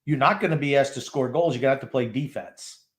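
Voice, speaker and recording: An older New York man co-hosting a sports podcast, gruff and blunt as he offers his opinions. He speaks at an ordinary middle pitch, plainly and without fuss. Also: fast. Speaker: podcast co-host. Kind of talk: live game watchalong chat.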